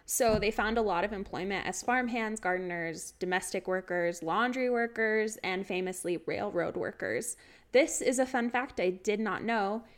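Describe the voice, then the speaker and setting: A woman's voice: medium pitch, moderate pace. A young woman co-hosting a podcast, chatting casually, laughing often and walking through history notes. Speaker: podcast co-host.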